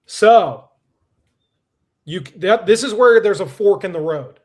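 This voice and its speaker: A man's voice: high-pitched, slow pace. A man giving a motivational speech, emphatic and repeating his key phrases.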